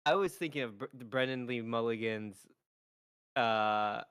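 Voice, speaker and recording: A man's voice: medium pitch, a little slow, clean tone, dry recording, clean studio sound. A man co-hosting a podcast, telling jokey stories in casual chat over a video call. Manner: animated storyteller, jokey. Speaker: podcast co-host.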